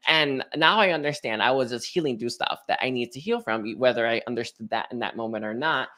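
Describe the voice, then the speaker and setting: A man's voice: medium pitch, quick pace, hardly any pauses, bright, forceful tone. A man giving a casual, rambling spiritual reading, chatting to viewers with lots of fillers and restarts. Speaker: spiritual card reader.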